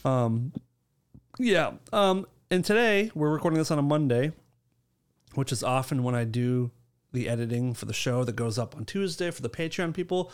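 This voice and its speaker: Podcast host, easygoing chat, mid pitch, restarts mid-sentence. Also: lively intonation, moderate pace, clear, resonant tone. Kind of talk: casual chat.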